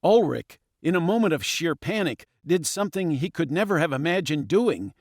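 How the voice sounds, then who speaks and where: A man reading a children's storybook aloud with lively, expressive swings in pitch. His voice sits a little high and is recorded close and dry in a studio. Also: normal speed, no room sound. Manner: expressive, dramatic. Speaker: audiobook narrator. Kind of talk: scripted storybook narration.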